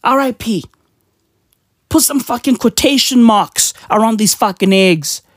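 A woman's voice: a little high, unhurried, no echo, clean studio sound. A woman with a South African accent, ranting casually on a vlog with heavy swearing and slang. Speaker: vlogger. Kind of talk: profane casual rant.

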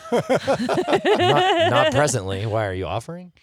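A young man co-hosting a casual podcast, blunt and sardonic, swearing freely and trailing off into low mumbles. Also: huge pitch swings, takes it slowly, no room sound. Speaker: podcast co-host.

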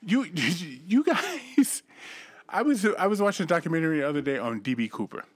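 A man's voice: fairly high pitch, lively intonation, fast talker, no room sound. A young man hosting a casual podcast chat, brash and profane, firing off questions and stories.

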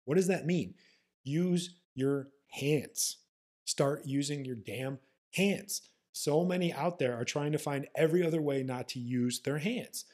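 A man's voice: on the high side, a little slow, a little mellow. A man hosting a podcast, a manual therapist talking in a blunt, profane and sarcastic way.

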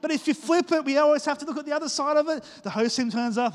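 Aussie pastor guy preaching, playful, acts stuff out, high voice, echoey church hall. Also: fast talker, hardly any pauses. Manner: lively, joking preacher who acts out little scenes. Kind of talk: sermon.

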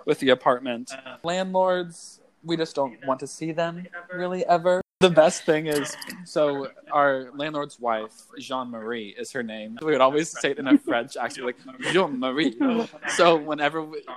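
Animated young man telling funny stories. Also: a little high, normal speed, a crowd in the background. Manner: animated, joking storyteller. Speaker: podcast co-host. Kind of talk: casual chat.

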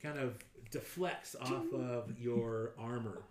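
A man running a tabletop game as game master, narrating lively and acting out sound effects. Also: mid-range voice, slow pace, crowd noise. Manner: animated, acts out sound effects and blurts out enemy lines. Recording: roomy echo, faint noise.

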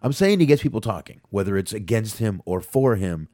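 A man co-hosting a casual wrestling podcast, talking profanely and excitably while he has a sinus cold. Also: fairly low pitch, fairly quick, dry recording, studio quality. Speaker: podcast co-host.

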